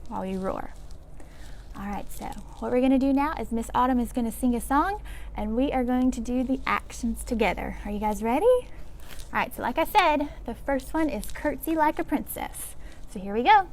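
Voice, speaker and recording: A woman leads a children's storytime, guiding the little ones through pretend actions. She sounds upbeat and encouraging, speaking straight to the kids in a high voice. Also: expressive, moderate pace, slight background noise. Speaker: library storytime host. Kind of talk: leading children's movement activity.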